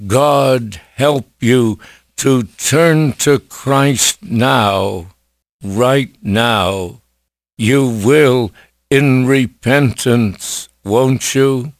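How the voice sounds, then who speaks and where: A man preaching an evangelistic sermon, slow and emphatic, with many rhetorical questions. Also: mid-range voice, no echo, clean studio sound.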